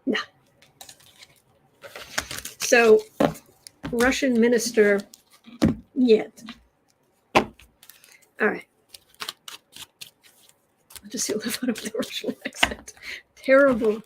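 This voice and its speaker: A woman's voice: fairly high pitch, a little hiss or hum, poor audio. A woman hosting a political tarot livestream, talking casually and sarcastically and laughing as she restarts her sentences. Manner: sarcastic, laughs often, speaks haltingly with restarts.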